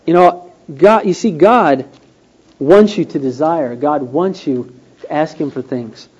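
A man's voice: a little high, unhurried, darkish tone, husky. A man preaching a sermon, telling a story and acting out the quotes with rising and falling emphasis. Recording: dull lo-fi recording.

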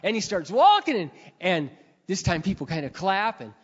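A man preaching a sermon, telling stories with big swings between quiet and shouted passages. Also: high voice, very animated, normal speed, slightly rough. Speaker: pastor. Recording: dull sound with long hall reverb.

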